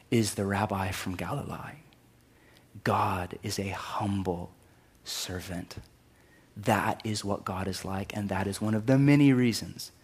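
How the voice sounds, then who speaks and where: A middle-aged man delivers a sermon at a middle pitch, preaching emphatically. His voice leaps up in pitch and volume to drive a point home, then sinks low and quiet. Energetic, lively pulpit delivery. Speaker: pastor.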